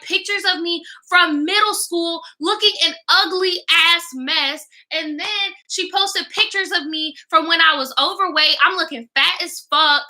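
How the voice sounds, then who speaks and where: A woman's voice: extremely high pitch, sharp tone. A young woman hosting a livestream, telling a story in a casual, profane, exasperated rant. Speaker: livestream host.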